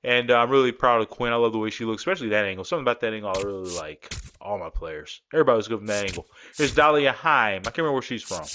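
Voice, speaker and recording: A man's voice: mid-range voice, racing, bright, forceful tone, slight background noise. A man giving casual, rambling commentary as a gaming creator, talking through his game creations in a laid-back, joking way. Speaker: gaming YouTuber.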